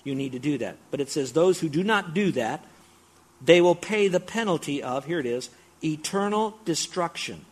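A man's voice: a little high, animated, moderate pace, husky. A middle-aged man preaching a sermon, explaining scripture with emphatic, repeated build-ups. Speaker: pastor.

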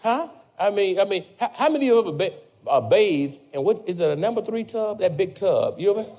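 An older man preaches in a high, bright register. He repeats words and pushes his emphasis upward as he makes each point. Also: lively intonation, a little fast. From Louisiana. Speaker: pastor. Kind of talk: sermon.

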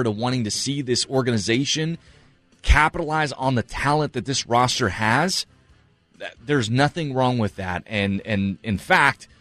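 A man's voice: mid-range voice, fairly bright tone, no room sound. A man co-hosting a sports talk show, giving earnest, emphatic analysis and repeating his points for stress. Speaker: sports radio co-host.

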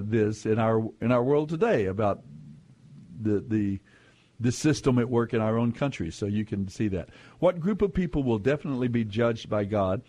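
Easygoing male radio quiz host. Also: mid-range voice. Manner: relaxed, chatty, with fillers and chuckles. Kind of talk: casual radio call-in talk.

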